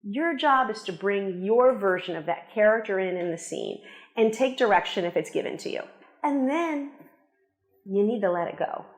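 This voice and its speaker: A woman's voice: medium pitch, lively intonation, normal speed. A middle-aged woman, an acting teacher, giving frank, encouraging career advice straight to camera in a conversational way. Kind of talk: direct-to-camera advice talk. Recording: roomy echo.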